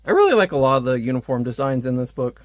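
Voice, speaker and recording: A man's voice: medium pitch, sing-song, fast talker, dry recording, highs cut off. A man giving a casual, wry comic book review with a conversational manner.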